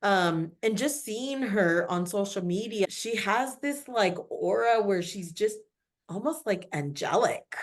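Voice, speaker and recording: A woman guest on a podcast, talking in a rambling, animated way full of "like" and "you know". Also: medium pitch, a little slow. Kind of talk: casual chat.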